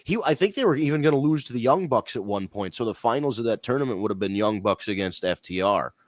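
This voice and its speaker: Blunt, swearing wrestling podcast host. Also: male voice, on the low side, expressive, quick pace, no echo, clean studio sound. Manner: blunt, swears casually, rambling opinions. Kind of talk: casual wrestling talk.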